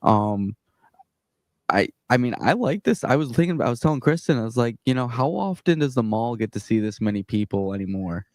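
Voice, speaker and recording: A man's voice: mid-range voice, animated, fairly quick, a little mellow, no echo. A man hosting a podcast, easygoing and a little hesitant. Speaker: podcast host.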